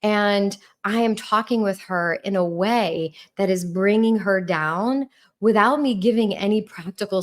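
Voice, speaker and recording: A middle-aged woman from New York with a New York accent, a relationship coach on a podcast speaking in a warm, calm tone with rising and falling intonation. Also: medium pitch. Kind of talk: podcast talk.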